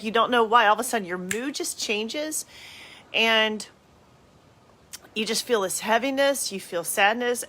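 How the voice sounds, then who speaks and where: A woman's voice: medium pitch, bright, forceful tone. A woman podcast host and coach with a Southern US accent, talking casually and chattily to her listeners, with many fillers and restarts. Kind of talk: casual motivational chat to camera.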